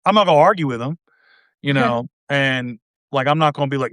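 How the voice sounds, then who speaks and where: A man's voice: medium pitch, brisk, a bit bright, no room sound, clean studio sound. Laid-back, rambling man hosting a chat. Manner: rambling, full of restarts and "you know", laid-back. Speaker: podcast host. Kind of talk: casual conversation.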